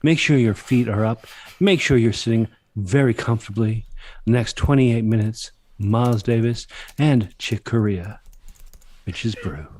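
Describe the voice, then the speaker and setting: A man playing a smooth late-night male jazz radio DJ with calm, soothing announcer patter. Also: fairly low pitch, a little slow.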